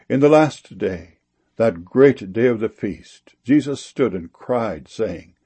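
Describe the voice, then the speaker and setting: Gravelly low-voiced man reading scripture. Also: animated, a little slow, dark tone. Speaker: scripture reader. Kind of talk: reading King James scripture aloud.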